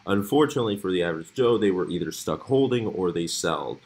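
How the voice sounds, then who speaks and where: A deep-voiced man walks through market charts in a loose, conversational way. His pitch leaps up when he stresses a point and drops back low. He sounds like a host talking straight to his viewers. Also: fast. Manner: animated, lively pitch swings. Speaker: crypto channel host. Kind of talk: casual commentary over charts.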